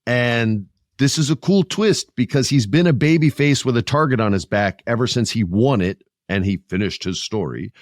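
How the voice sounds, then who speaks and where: A middle-aged man hosting a podcast, chatting about wrestling in a lively, joking way. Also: mid-range voice, moderate pace, hardly any pauses, dry recording, clean studio sound. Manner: animated, joking, puts on voices. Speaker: podcast host. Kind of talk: casual wrestling chat.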